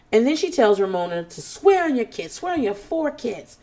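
A woman talks fast and loose as she recaps the drama, swearing often and calling herself a nervous person. She swings from low muttering asides to high, squealing mock quotes of the people she describes. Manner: animated, profane, jumps into squealing mock quotes; calls herself nervous and on edge. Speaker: podcast host recapping a reality show. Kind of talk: casual chat.

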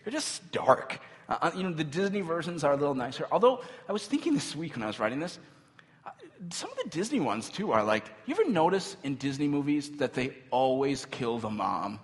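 A man in his thirties preaching a sermon, telling a story in an animated way and turning to the audience with asides. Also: on the high side, brisk. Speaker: pastor. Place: church hall. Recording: long hall reverb.

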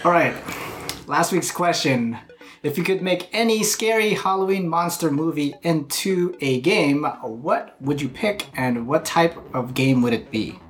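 A man's voice: a little high, a little slow. A man hosting a casual podcast, reading listener messages aloud and laughing often. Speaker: podcast host.

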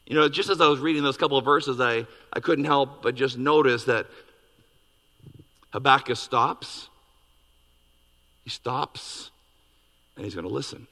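A man preaching a sermon as pastor, animated and acting out quoted dialogue with big swings in his voice. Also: medium pitch, normal speed, gravelly, long pauses. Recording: long reverb of a hall.

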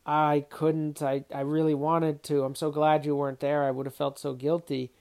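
A flustered woman apologizes and insists, as a reviewer quotes her. Her lines carry guilt and urgency, pitched a little higher than the speaker's usual talk. It stays close to the reviewer's own voice rather than a full character voice. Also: flat delivery, normal speed, a little mellow, lightly acted.

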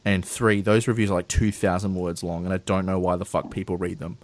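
A man's voice: low-pitched, little pitch movement, brisk, crowd noise. A man co-hosting a casual podcast, sardonic and swearing freely. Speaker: podcast co-host.

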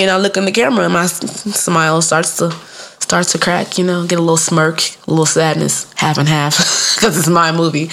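Animated profane woman telling a story. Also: vocal fry. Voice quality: animated, acts out voices in high squeaky pitch. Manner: profane, playful, laughs at own jokes. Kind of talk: storytelling stand-up routine.

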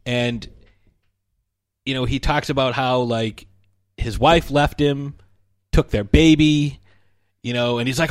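A man's voice: medium pitch, fairly even intonation, slow, pauses often, no room sound. Man rambling through a movie plot. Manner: rambling plot recap, acts out lines. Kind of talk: casual movie discussion.

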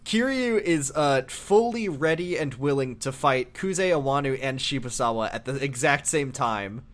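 A man chatting casually as he recaps a video game story. He slips into quick character voices for laughs, keeping an easygoing, playful tone. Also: medium pitch, lively intonation, fairly bright tone. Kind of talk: casual chat.

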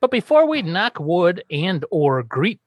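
Animated jokey male podcast host. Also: measured pace, no echo. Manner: animated, jokey, swings up into high exaggerated tones. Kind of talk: casual comedic podcast chat.

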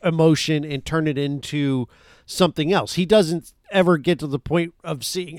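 A man chatting casually about a film, rambling and full of fillers. His voice sits a little high and sounds dry and close, with no room behind it. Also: normal speed, no room sound. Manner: rambling, enthusiastic, many fillers. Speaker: podcast co-host.

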